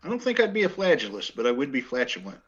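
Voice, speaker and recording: A man's voice: medium pitch, huge pitch swings, quick pace, lo-fi sound, a little hiss or hum. A man co-hosting a casual comedy podcast, throwing in playful quips. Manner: quippy, playful interjections. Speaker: podcast co-host.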